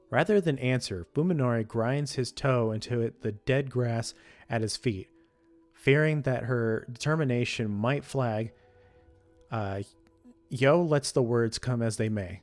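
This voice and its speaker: A man reading a visual novel's story text aloud, steady with frequent slips and self-corrections. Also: medium pitch, normal speed, soft background music. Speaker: let's play streamer reading a visual novel.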